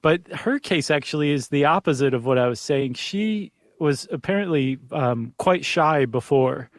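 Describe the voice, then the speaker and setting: A man's voice: a little high, expressive, moderate pace, dry recording, studio quality. A man co-hosting a podcast in casual chat, explaining things thoughtfully. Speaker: podcast co-host.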